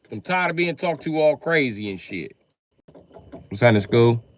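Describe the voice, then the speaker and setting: A male comedian telling profane comic stories in a live monologue, acting out both sides of conversations and breaking into loud shouts. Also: lively intonation, moderate pace. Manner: jumps to loud high shouts when acting out scenes.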